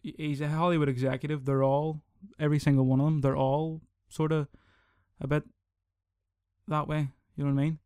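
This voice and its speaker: A man's voice: on the high side, a little fast, smooth, no room sound, clean studio sound. A young man hosting his own podcast, ranting casually and swearing a lot. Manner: sweary, rambling, animated. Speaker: podcast host. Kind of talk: casual solo podcast rant.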